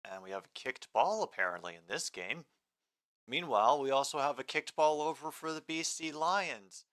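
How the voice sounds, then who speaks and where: A man's voice: fairly high pitch, moderate pace, fairly bright tone. A man hosting a casual live sports stream, rambling between game commentary and replies to chat comments.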